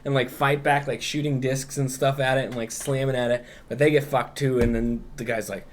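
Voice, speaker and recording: A man's voice: medium pitch, little pitch movement, a little fast, a little hiss or hum. A man co-hosting a podcast, loosely retelling a story in casual chat, swearing freely and acting out quotes. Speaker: podcast co-host.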